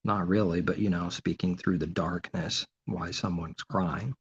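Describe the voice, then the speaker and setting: Guy preaching, low gravelly husky voice, keeps asking himself questions, muffled lo-fi sound. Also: steady tone, measured pace. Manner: asks and answers his own rhetorical questions; mocking sarcasm. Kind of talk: informal sermon monologue. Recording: dull lo-fi recording.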